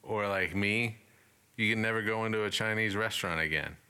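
A man's voice: on the low side, a little fast, sharp tone, smooth. A man co-hosting a podcast, bantering casually, teasing and laughing. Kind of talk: casual chat.

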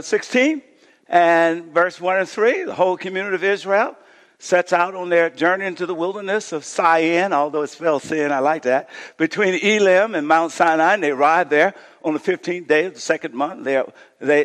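A male pastor preaching a sermon, reading scripture aloud and calling on the congregation to shout back responses. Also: fairly high pitch, moderate pace, in a large hall. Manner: reads scripture, voicing the complaining crowd with rising intensity.

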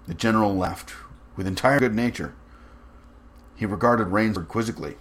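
A man reading a story aloud in a measured, even narrating manner. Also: deep voice. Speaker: reader.

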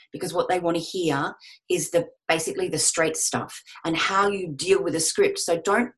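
Frank woman giving advice. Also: deep voice. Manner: frank, conversational, restarts often. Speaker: voice-over panel host. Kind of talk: webinar Q&A advice. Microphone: video call.

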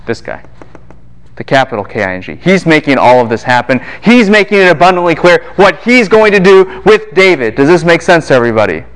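A man teaching a classroom lecture on scripture. His pitch sits a little high and jumps around a lot as he throws question after question at the room. He sounds lively and engaged. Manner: animated, peppers students with questions. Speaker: Bible lecturer.

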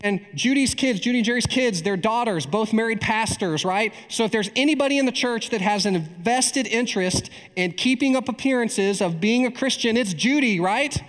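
A male preacher tells a story from the pulpit. He is animated, in a fairly high voice, and keeps checking in with "right?" His voice rings with a long reverb through a large church hall. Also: normal speed, hardly any pauses. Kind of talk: storytelling sermon.

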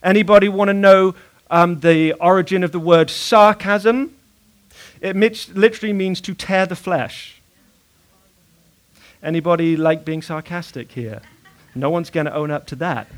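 Middle-aged male pastor with a high voice, easy conversational sermon delivery, prompts the congregation. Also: moderate pace, pauses often. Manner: conversational preaching with fillers and audience prompts.

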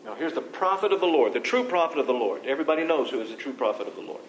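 A man's voice: lively intonation, racing. A man teaching a Bible study to a group, reading scripture aloud and explaining it in a conversational way. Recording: echoey room with faint low rumble.

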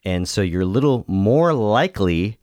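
A man co-hosting a casual chat, telling his story at length in a relaxed way. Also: lowish voice, normal speed, dry recording, studio quality.

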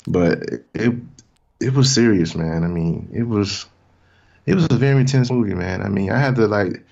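Low-voiced laid-back man on a dull recording. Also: moderate pace, gravelly, a little mellow. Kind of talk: casual movie chat. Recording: dull lo-fi sound.

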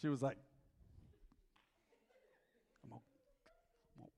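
In a church sanctuary with long hall reverb, a middle-aged pastor with a slow, creaky, medium-pitched voice tells a confessional story laced with jokes. He then leads an altar call, his delivery shifting between loud and hushed.

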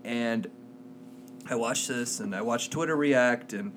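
A man's voice: mid-range voice, takes it slowly, a bit bright, slight background noise. A man co-hosting a podcast, telling stories in casual chat and laughing often. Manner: rambling storyteller, laughs often. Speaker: podcast co-host. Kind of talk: casual chat among friends.

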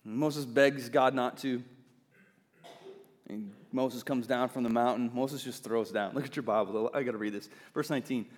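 A man preaching a sermon to his congregation, moving from soft, gentle asides to loud, emphatic points. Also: mid-range voice, steady tone, moderate pace. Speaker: pastor. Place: church sanctuary. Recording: long hall reverb.

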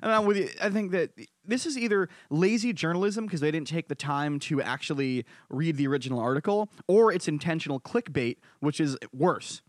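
A man's voice: on the high side, fairly quick, hardly any pauses, no room sound, clean studio sound. A man co-hosting a podcast, casual and joking, often stammering as he starts a thought. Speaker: podcast co-host.

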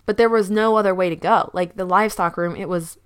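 A woman's voice: mid-range voice, fairly even intonation, quick pace, smooth. Chatty woman playing a tabletop game. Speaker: player. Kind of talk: casual tabletop game play.

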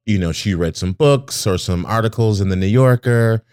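A man in casual conversation, telling stories with animated, acted-out quotes. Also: moderate pace, clear, resonant tone, no echo, studio quality. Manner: animated storyteller, acts out quotes in a high voice. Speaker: podcast co-host. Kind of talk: casual storytelling chat.

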